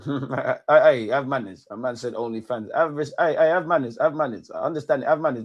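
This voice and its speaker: A man streaming a live football watchalong, excitably shouting at players and the referee and bantering with his chat. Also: medium pitch, a little fast, few pauses, dull audio. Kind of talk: live match reaction commentary.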